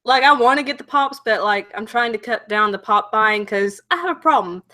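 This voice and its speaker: A young woman with a Southern US accent chats as a livestream host. Her voice sits fairly high and sounds bright and forceful. She talks in a rambling way, full of "like"s and quick apologies. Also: lively intonation. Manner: chatty, apologetic, lots of "like". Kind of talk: casual livestream chat.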